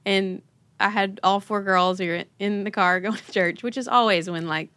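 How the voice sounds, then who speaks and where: A bright, clear-voiced woman tells family stories in a relaxed chat. She laughs a lot and slips into her kids' voices. The sound is dry and close. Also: medium pitch, moderate pace, no room sound. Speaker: podcast host. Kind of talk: casual conversational storytelling.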